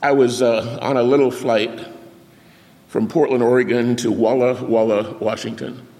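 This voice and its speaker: An older male preacher of middle pitch, telling a story from the pulpit and bringing it to life with sound effects and quoted voices. His voice carries a long reverb, as if spoken in a big church sanctuary. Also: moderate pace. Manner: animated anecdote with sound effects and acted-out quotes. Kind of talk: storytelling sermon. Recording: long reverb of a large hall.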